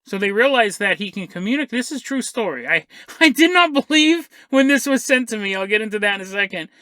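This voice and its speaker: A man hosts a podcast, telling a story with lots of jokes, laughs and tangents. His voice is bright and forward. The sound is close and dry. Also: high-pitched, expressive, fairly quick, no echo. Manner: jokey, laughs often, digresses. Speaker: podcast host. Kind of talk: comedic storytelling monologue.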